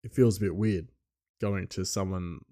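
A man's voice: deep voice, fairly even intonation, moderate pace, dark tone. A man hosting a solo podcast in loose, rambling casual chat with frequent chuckles. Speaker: podcast host.

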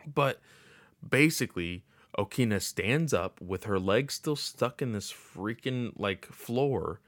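A man's voice: lowish voice, animated, slow pace, fairly bright tone, dry recording. A man casually recapping a game's story in a rambling way, with lots of filler words. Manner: rambling, filler-heavy with many uh and like.

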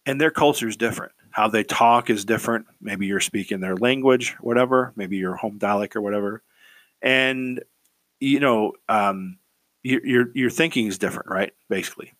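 A man's voice: on the low side, normal speed, a bit bright, no room sound. A man giving casual career advice in a rambling way, repeating words and checking in with "right?".

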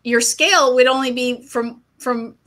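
Brief: woman host, high and bright, chatty and self-deprecating. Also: fairly even intonation, a little slow, poor audio. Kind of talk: conversational interview.

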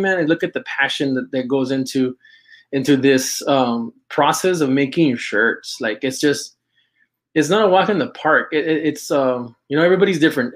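A man hosting a casual live stream of shout-outs, talking in halting bursts with many restarts and now and then dropping Spanish phrases into his English. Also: medium pitch. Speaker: host of a live stream for an apparel and fishing brand.

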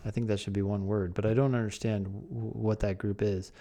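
A man's voice: fairly low pitch, little pitch movement, a little fast, mellow. A man co-hosting a casual chat, reading a written text aloud and picking apart its wording. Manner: reads aloud then jokes and critiques. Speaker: podcast co-host.

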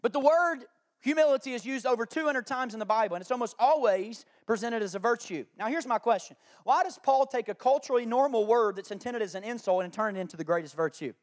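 A male pastor delivering a sermon, moving between loud, emphatic declarations and quiet storytelling. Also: very high voice, animated, fast. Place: church.

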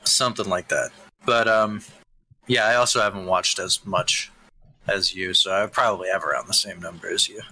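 A young man with a very bright, sharp voice pitched a little low, chatting easily. He hesitates with ums and keeps the conversation going with questions. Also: fairly even intonation, normal speed, slightly rough, poor audio. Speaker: podcast co-host. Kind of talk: casual chat.

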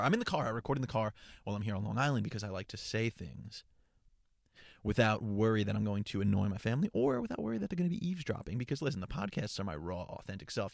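Energetic, profane young man ranting in a car. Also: on the low side, vocal fry, dry recording, studio quality. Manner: energetic, profane, rambling with frequent restarts. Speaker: podcast host and content creator. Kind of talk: casual solo podcast chat. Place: parked car.

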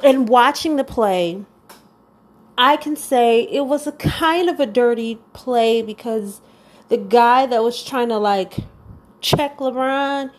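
A woman hosting her own weekly show, ranting and chatting in a casual, opinionated, rambling way. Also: a little high. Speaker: podcast host. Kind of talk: casual commentary rant.

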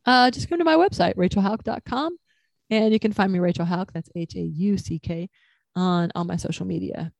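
Woman co-host with a gravelly, fry-heavy voice and a dry close sound; easy, upbeat chat. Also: lowish voice, moderate pace, no room sound. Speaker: podcast co-host, author. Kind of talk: casual chat.

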